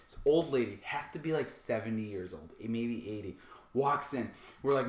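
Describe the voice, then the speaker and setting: A man's voice: mid-range voice, moderate pace, reverberant. A man casually telling stories on a podcast livestream, laughing a lot and acting out what people said. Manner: animated storyteller, laughs a lot, acts out quotes. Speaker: podcast co-host.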